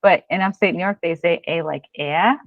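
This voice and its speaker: A woman's voice: fairly low pitch, normal speed, no room sound. A woman from Florida, a podcast guest chatting in an easygoing, giggly way. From Florida, USA. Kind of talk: casual chat. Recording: dull, dry sound.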